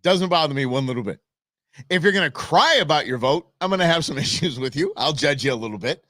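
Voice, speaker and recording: A man's voice: a little high, expressive, fast talker, pushed and bright, no room sound, studio quality. A man hosting a live election-night stream, rambling through casual, jokey commentary with lots of restarts and asides. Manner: jokey, opinionated banter.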